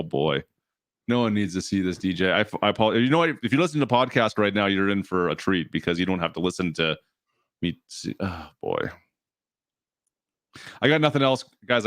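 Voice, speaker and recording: A man's voice: fairly low pitch, a bit bright, no echo, clean studio sound. A man co-hosting a podcast in casual, rambling, self-mocking chat. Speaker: podcast co-host.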